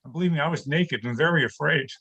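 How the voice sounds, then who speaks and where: An older man in his sixties, from New York City, works through a stand-up set on a video call from his home studio. His voice sits a touch high for a man, and he laughs along at his own punchlines. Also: fast, sharp tone, slightly rough. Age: 60s. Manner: punchline-driven, chuckles at own jokes. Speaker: stand-up comedian.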